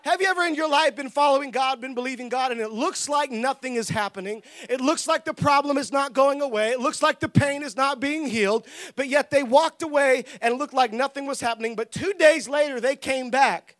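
A man preaching a lively sermon with humor, laughing often, shouting for emphasis and acting out the people in his stories. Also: very high voice, a little fast. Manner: acts out quoted voices.

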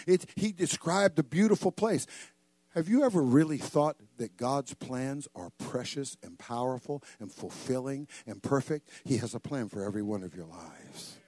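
An older man preaching a sermon, joking and acting out voices, with sudden loud bursts. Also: mid-range voice, lively intonation, moderate pace, no echo. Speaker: pastor.

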